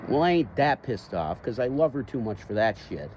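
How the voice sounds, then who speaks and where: A man ranting angrily outdoors in public, profane and bursting into shouts. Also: mid-range voice, very animated, moderate pace, few pauses, lo-fi sound. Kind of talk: angry rant to camera. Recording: outdoor street noise, traffic.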